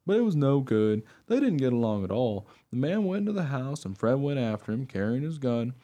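A man voicing a friendly male dog who narrates his own story in a radio play, eager and excitable. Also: a little fast, natural voice. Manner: eager and excitable, voice leaping high when talking.

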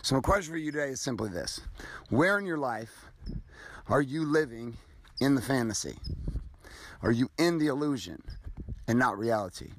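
A man's voice: mid-range voice, lively intonation, moderate pace, pauses often, fairly bright tone, a little hiss or hum. A middle-aged man hosting a motivational podcast, talking bluntly and casually with profanity as he tells a story. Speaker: podcast host.

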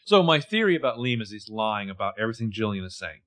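Animated man recapping a TV episode. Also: fairly low pitch. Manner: animated, acts out characters' lines in quick voices. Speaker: podcast co-host. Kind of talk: casual TV episode recap chat.

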